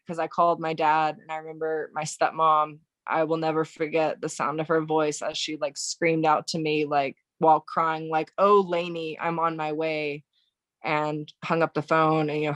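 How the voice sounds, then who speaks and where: Young American woman, guest on a podcast, flat monotone delivery, hesitant and full of restarts. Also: low-pitched, no echo. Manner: halting, many fillers and restarts. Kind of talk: emotional personal recollection.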